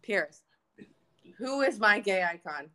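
A young woman co-hosting a chatty podcast with friends. She is bubbly and laughs a lot, tossing in swear words without a second thought. Her pitch sits at an ordinary middle level. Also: lively intonation, slow pace, sharp tone. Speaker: podcast co-host. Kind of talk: casual chat.

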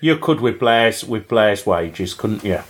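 A man's voice: on the low side, animated, a little slow. A British man, co-hosting a casual chat, teasing and full of tag questions. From Britain. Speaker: podcast co-host.

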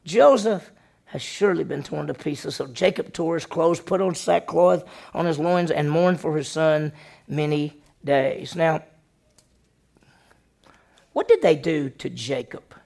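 A man pastor preaching a sermon, questioning the congregation and acting out the story with lively voices. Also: fairly high pitch, a little slow, creaky.

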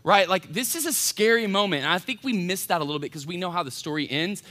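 Bright-voiced pastor preaching casually. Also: male voice, sits high, fast. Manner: informal, animated, acts out voices in retelling. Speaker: college pastor. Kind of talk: casual sermon. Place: church hall.

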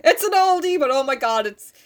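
A woman's voice: high voice, animated, fairly quick, a little hiss or hum. A woman co-hosting a podcast, recapping a novel in loose casual chat, swearing and laughing as she goes. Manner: chatty, swears, puts on silly voices for characters. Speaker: podcast co-host.

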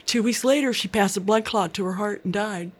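A woman's voice: mid-range voice, a little fast. An older woman telling her life story in an interview, earnest and chatty, acting out the people she quotes.

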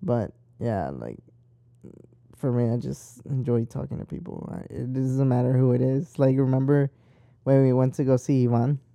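Casual talker: young man, dark gravelly tone, dry close sound, chatty and profane. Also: medium pitch, moderate pace, dry recording. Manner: rambling, profane and talkative. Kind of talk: casual chat.

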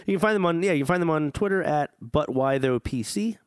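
Fast, animated young man, profane storyteller. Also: a little high, clear, resonant tone, no echo. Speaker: podcast co-host. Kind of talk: casual chat.

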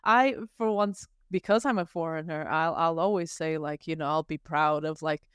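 A woman's voice: deep voice, moderate pace, fairly bright tone, clear, resonant tone, no echo, studio quality. A woman talking as a guest on a podcast, chatty and rambling, laughing easily. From not Canadian, living abroad. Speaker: guest artist. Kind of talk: casual podcast conversation.

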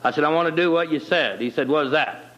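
A man's voice: fairly high pitch, quick pace, dull audio, heavy background noise. Folksy man telling his testimony. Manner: folksy, plain-spoken storyteller with colloquial grammar. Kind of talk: personal testimony storytelling.

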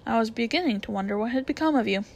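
A woman voicing a proud, bossy male talking war horse in a storybook read-aloud, brisk and commanding. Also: on the high side, expressive, creaky. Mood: kindly.

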